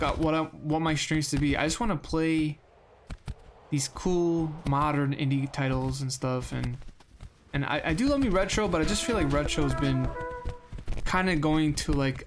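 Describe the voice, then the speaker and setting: A young man streaming a game, chatting casually and rambling, with sudden loud yelps while he plays. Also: medium pitch, background noise. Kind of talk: casual gameplay commentary. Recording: game music playing behind.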